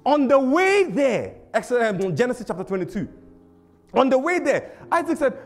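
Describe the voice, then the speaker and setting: A male pastor preaching a sermon, animated and laughing often, repeating phrases for emphasis. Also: very high-pitched, normal speed.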